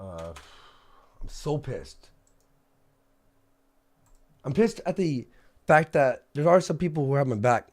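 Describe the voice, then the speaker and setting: A man's voice: on the high side, very animated, takes it slowly, long pauses. A man ranting angrily on a livestream, agitated and swearing, often repeating himself. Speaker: streamer. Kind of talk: angry livestream rant.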